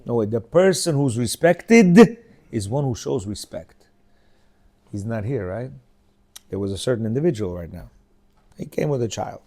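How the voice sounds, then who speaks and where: A man in his fifties leads an informal religious class in a mid-range voice, at a moderate pace with long pauses. He's an animated storyteller who acts out dialogue in shifting voices and poses rhetorical questions to his listeners.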